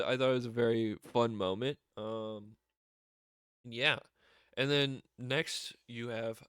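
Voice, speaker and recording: A man rambles through a casual recap of a wrestling show, getting excited and laughing as he goes. His voice is smooth and clear at a middling pitch. The recording is dry and close, with no room sound. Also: no echo. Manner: excitable, rambling, laughs often, many fillers and restarts.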